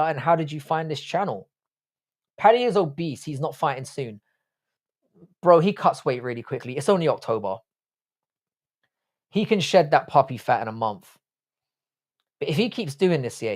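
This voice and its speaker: A man's voice: on the high side, expressive, normal speed, pauses often. A young man, Irish by birth and raised in London, hosting a casual livestream, reading out chat comments and giving blunt, profane opinions. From Ireland. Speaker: livestream host.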